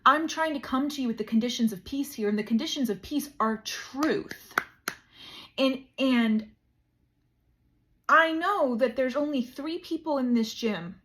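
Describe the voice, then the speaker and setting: Slow, high-voiced woman telling a comic story. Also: a bit bright. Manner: dramatic comic storytelling with mock-grand emphasis. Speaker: vlogger. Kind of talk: casual storytelling chat.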